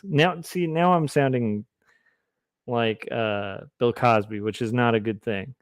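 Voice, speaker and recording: A man's voice: medium pitch, measured pace, no room sound. A man streaming while he draws comics, chatting casually, reading chat aloud and rambling in a goofy, self-deprecating way. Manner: goofy, rambling, reads chat aloud, tries silly voices. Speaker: comic artist livestreamer.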